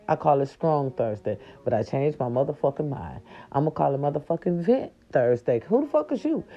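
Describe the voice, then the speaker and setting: Woman, angry profane rant, low mellow voice, slightly muffled audio. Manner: angry, profane, swings into high shouted outbursts. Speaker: vlogger. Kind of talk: impassioned commentary rant.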